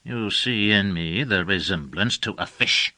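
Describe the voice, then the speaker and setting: Man playing a husky, wrathful cruel sorcerer. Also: low-pitched, a little slow, sharp tone, heavily acted, poor audio. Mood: cold wrath. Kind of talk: audiobook character voice.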